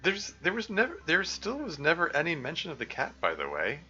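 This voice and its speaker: A man's voice: on the high side, wildly swooping pitch, fairly quick, sharp tone, lo-fi sound, faint music behind. A man streaming a casual game playthrough, rambling in self-interrupting asides and laughing. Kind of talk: casual live playthrough commentary.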